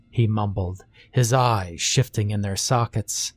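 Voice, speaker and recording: A man narrating a scripted horror story in a slow, hushed way. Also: fairly low pitch, no room sound.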